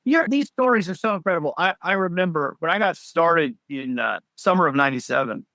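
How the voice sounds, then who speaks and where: A man in his forties, a healthcare executive on a casual interview, tells stories with enthusiasm in a higher, pushed, bright voice with lively intonation. He speaks fairly quickly and comes across as agreeable, recorded in clean studio sound with no echo.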